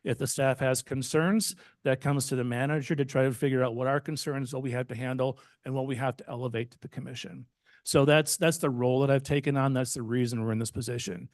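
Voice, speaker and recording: Measured male village manager, dry sound. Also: medium pitch, fairly even intonation, no echo. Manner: measured, deliberate, slightly defensive. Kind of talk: formal public meeting remarks. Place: commission meeting chamber.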